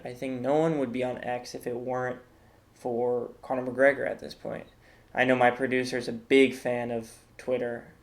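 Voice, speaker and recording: A man hosting a comedic tier-list commentary, rambling in a mock-serious way with lots of fillers. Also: mid-range voice. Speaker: host.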